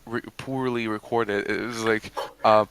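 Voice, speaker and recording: A man's voice: fairly low pitch, steady tone, unhurried, noisy background. A man co-hosting a podcast, chatting crudely and laughing a lot, putting on silly voices when retelling stories. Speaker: podcast co-host. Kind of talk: crude casual chat.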